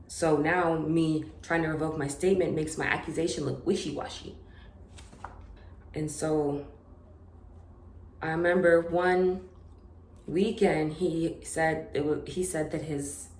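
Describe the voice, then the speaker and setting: A young woman telling a personal story in an unscripted vlog, halting, with many fillers and restarts. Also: low-pitched, a little mellow, echoey room. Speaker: vlogger.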